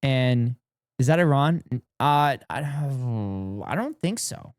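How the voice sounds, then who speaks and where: A man streaming live, giving casual reaction commentary to his chat in an excitable way, repeating phrases and laughing often. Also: medium pitch, takes it slowly, no echo, studio quality.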